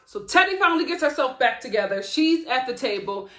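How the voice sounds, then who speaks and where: A woman's voice: sits high, normal speed, few pauses. Sassy outspoken woman recapping TV. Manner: animated, outspoken, laughs often. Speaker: TV reality show reviewer. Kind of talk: sassy recap commentary to camera. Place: home studio with lights. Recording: echoey room.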